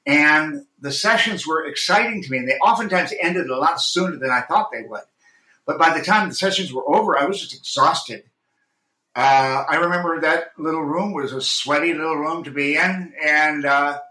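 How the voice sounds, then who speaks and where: A man's voice: a little high, normal speed, sharp tone. Intense, earnest man in an echoey room. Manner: intense, earnest, with many restarts. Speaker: actor and audiobook narrator, guest. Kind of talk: reflective interview talk.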